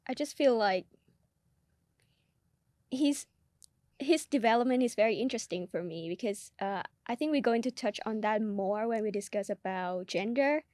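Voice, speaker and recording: Woman co-host, a bit high-pitched, hesitant and giggly, dry close sound. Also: darkish tone, no room sound. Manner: hesitant, searching for words, laughs often. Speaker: podcast co-host. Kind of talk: casual film discussion.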